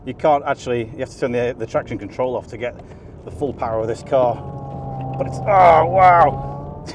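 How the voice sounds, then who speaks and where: A man presenting a car video, giving excited, chatty commentary from inside a car on a race circuit and often laughing. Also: mid-range voice, fast. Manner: enthusiastic, chatty, breaks into laughter. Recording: loud engine and road noise. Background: car engine and track noise.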